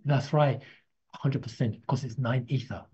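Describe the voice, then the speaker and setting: A man teaching a casual spoken lesson, slow and halting, repeating himself as he explains and chanting drawn-out syllables to show them. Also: medium pitch, fairly even intonation, mellow, slightly rough. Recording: dull lo-fi recording.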